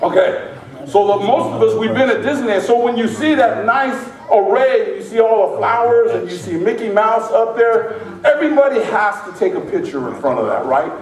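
A pastor with a high voice preaches to his church, lively and joking with the congregation. The sound is roomy and echoey. He is heard from some distance, off the microphone. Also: moderate pace, a faint crowd. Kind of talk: sermon. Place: large church sanctuary.

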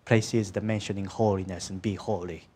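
A man's voice: low-pitched, fairly even intonation, normal speed, darkish tone, husky. A man preaching a sermon in conversational, slightly non-native English, often checking in with the congregation. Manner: conversational, asks the congregation "isn't it?" and "yeah?"; second-language English with small grammar slips.

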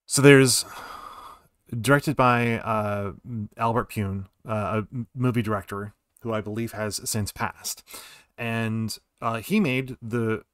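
A man's voice: on the low side, fairly even intonation, takes it slowly, clean tone, no room sound, studio quality. A man in his forties giving casual, rambling commentary while streaming a game. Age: 40s. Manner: rambling, digressive.

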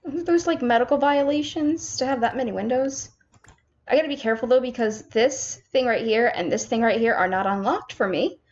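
A young woman's fairly high voice rambles through casual let's-play commentary, poking fun at herself as she plays. The sound is a little dull and lo-fi, like a home desk mic. Keyboard and mouse clicks tick along behind her. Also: a little fast, a little mellow. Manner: chatty, self-mocking, talks to herself while playing. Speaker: gaming streamer. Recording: slightly dull lo-fi home recording.

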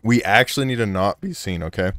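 Excitable man with a low voice, swearing. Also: brisk, noisy background. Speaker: gameplay streamer. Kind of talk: casual co-op gameplay chat.

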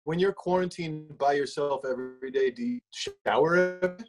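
A man's voice: a little high, normal speed, music in the background. A man bantering casually with friends on a video call, easygoing and laid-back. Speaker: band member on a video call. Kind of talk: casual chat.

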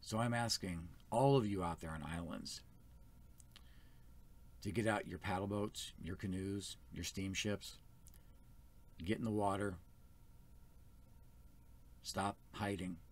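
A man's voice: low-pitched, steady tone, slow pace, long pauses. A man speaking as first elder of a small church, giving an earnest, plain-spoken sermon.

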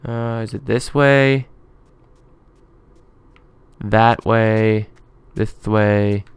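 A man's voice: lowish voice, steady tone, extremely slow, clean tone, dry recording. A man giving rambling let's play commentary, muttering to himself as he plays. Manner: chatty, rambling running commentary; muttering to himself while building. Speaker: gaming YouTuber.

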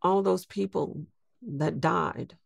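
An older woman in her sixties tells her story slowly and thoughtfully. Her voice is strongly gravelly, and the recording is dry and close. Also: on the low side, no echo. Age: 60s. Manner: slow, reflective storytelling. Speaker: guest. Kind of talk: storytelling interview.

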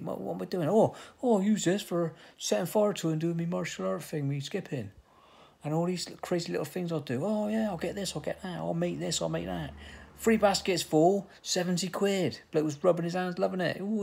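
A man's voice: a little high, vocal fry, husky. A man in his fifties with an English accent, rambling in a self-mocking vlog monologue and arguing with himself. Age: 50s. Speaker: vlogger. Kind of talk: casual comic monologue.

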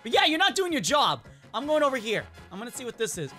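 A woman giving chatty, excitable let's-play commentary and talking to the game characters as a gaming YouTuber. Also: fairly high pitch, fast, few pauses, soft background music.

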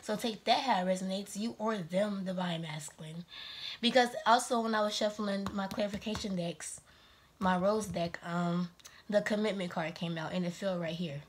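A woman's voice: medium pitch, fairly even intonation, normal speed, slight background noise. A woman giving a casual, rambling tarot reading to her viewers, slightly out of breath and laughing often. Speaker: tarot reader.

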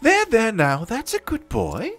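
A man voicing a young woman huntress who speaks in old-fashioned thee-and-thou English and talks gently to her animal. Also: very high-pitched, wildly swooping pitch, measured pace, vocal fry, faint music behind, pitched above the performer's own voice, full character voice. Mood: earnest.

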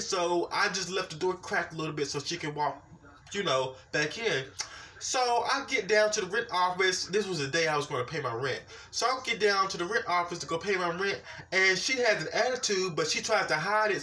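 Young man, animated vlog rant, bright voice, recorded from a distance. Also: high voice, slight background noise. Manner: animated, repetitive, keeps saying "you know what I'm saying". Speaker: vlogger. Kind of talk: ranting personal vlog.

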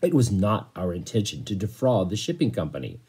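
This is a dignified butler from a storybook, as a man reading aloud puts him on. He speaks in long, courteous, formal phrases, slightly raised in pitch and warm in tone. His voice is quite husky and lively in its melody. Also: brisk, full character voice. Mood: earnest. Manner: elaborately courteous, formal speech.

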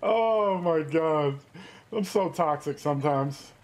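A man streaming a multiplayer game, talking loudly and teasing his friends with lots of laughter. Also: a little high, takes it slowly. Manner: loud, teasing, laughing often. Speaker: gaming streamer. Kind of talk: casual gaming stream banter.

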